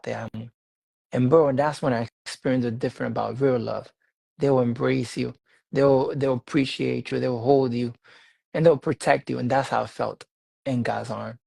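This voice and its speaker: A man telling a personal faith testimony in a casual interview, animated and laughing often, repeating his phrases. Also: medium pitch, vocal fry, no room sound, poor audio. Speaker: guest sharing a faith testimony.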